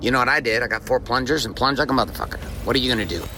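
A male podcast host giving a motivational monologue, telling a story in an animated and profane way. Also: medium pitch, racing.

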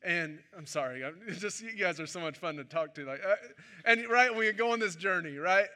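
A man's voice: high-pitched, expressive, fairly quick, bright, forceful tone. A man preaching a sermon to his congregation in a church service, talking in a conversational way and joking with the people in front of him. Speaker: pastor.

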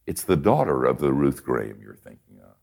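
An older man preaching a conversational sermon, telling folksy stories and swinging from soft asides to emphatic points. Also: rumbling low, sing-song, fairly quick, creaky.

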